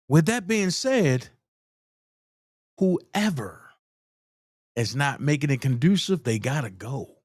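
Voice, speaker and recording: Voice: mid-range voice, very animated, slow pace, long pauses, no room sound, studio quality. A live-stream host giving blunt, profane commentary and repeating pointed rhetorical questions for emphasis.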